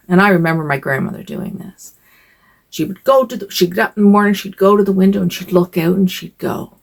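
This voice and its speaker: A woman's voice: medium pitch, a little fast, gravelly. An older woman vlogging from home in a rambling, hesitant casual chat, with sighs and fillers.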